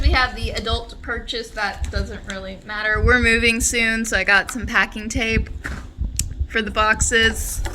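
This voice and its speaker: Young female book vlogger, excitable, very bright voice, faint hiss. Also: a little high, rough recording. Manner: gushing, excitable, heavy on "like" and "oh my God". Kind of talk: casual chat to camera.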